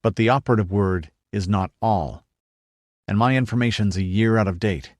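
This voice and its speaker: A man playing a big, wary traveler from the East, blunt and cautious. His voice is low and dry. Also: moderate pace, no echo, natural voice.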